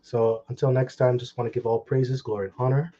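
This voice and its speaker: Scornful male preacher, dark voice. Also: mid-range voice, flat delivery, lo-fi sound. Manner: heated, scornful commentary with crude insults and short laughs; reads scripture slowly, then comments fast. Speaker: online preacher. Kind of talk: sermon reading and commenting on scripture.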